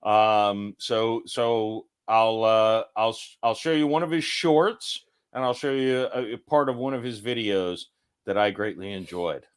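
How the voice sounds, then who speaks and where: A man's voice: fairly low pitch, fairly even intonation, measured pace, smooth. A man hosting a podcast, chatting casually in a rambling, self-correcting way. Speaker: podcast host. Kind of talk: casual chat.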